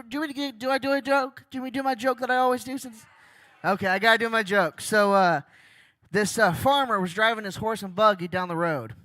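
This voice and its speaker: A young man giving an energetic church talk, chatty and jokey, asking the crowd questions. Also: sits high, no room sound. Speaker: guest speaker. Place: church stage.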